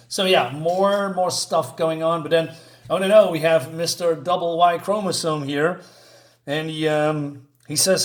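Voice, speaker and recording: A man casually reviewing a comic book, retelling the panels in a halting way with many fillers, restarts and chuckling asides. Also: a little high.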